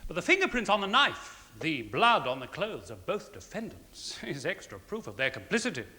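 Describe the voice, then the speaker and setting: An actor playing a prosecuting barrister delivering a formal, rhetorical closing speech to a jury in a 1970s television courtroom drama. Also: male voice, on the high side, huge pitch swings, moderate pace, sharp tone, big-room sound, exaggerated voice. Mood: persuasive. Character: measured male barrister giving closing speech. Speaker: prosecuting counsel.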